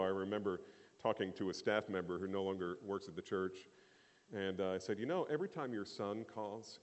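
A man's voice: lowish voice, in a large hall. A middle-aged male pastor preaching a sermon in a conversational way, with fillers and repeated phrases.

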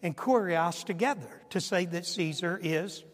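A man's voice: high-pitched, unhurried. Preaching man in his sixties, big hall echo. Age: 60s. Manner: swings from hushed asides to shouted emphasis. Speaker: pastor. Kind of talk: sermon. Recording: long hall reverb.

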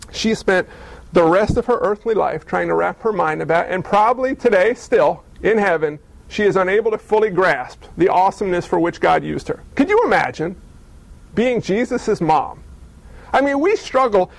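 A man's voice: high-pitched, creaky, no room sound, rough recording. A male pastor preaching a sermon in a conversational storytelling way, full of rhetorical questions.

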